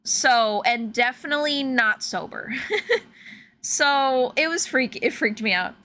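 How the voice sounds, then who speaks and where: A young woman from Illinois, a streamer telling stories in casual, animated chat full of fillers while she plays a game. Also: on the high side, measured pace, slight background noise. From Illinois, USA. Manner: animated, chatty, filler-heavy, laughs often. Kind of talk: casual storytelling while gaming.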